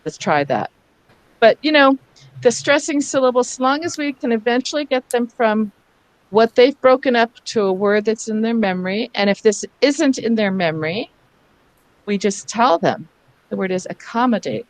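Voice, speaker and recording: A woman's voice: on the high side, lively intonation, moderate pace, dry recording. A woman leading a teacher workshop on reading over a video call, patiently sounding out words syllable by syllable. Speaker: reading instructor.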